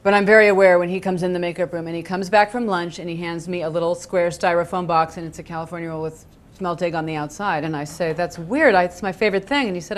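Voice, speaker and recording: A middle-aged woman telling a comic anecdote as a game show guest, wry and understated, with sudden high jumps when she quotes her own reactions. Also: fairly even intonation, fast talker.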